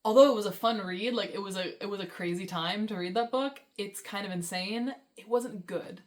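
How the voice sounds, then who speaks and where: A woman's voice: mid-range voice, a little fast. A young woman vlogging about books in a casual, rambling, enthusiastic way, with many fillers and laughs. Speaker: book vlogger. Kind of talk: casual chat.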